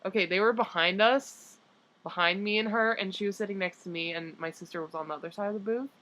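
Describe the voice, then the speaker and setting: A woman's voice: medium pitch, fast talker, a bit bright. A young woman chatting casually, adding laughing side comments to a friend's stories. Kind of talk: casual chat.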